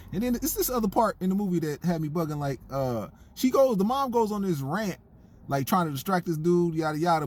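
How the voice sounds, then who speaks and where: A man giving a comedic, incredulous movie review in a joking, animated way. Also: mid-range voice.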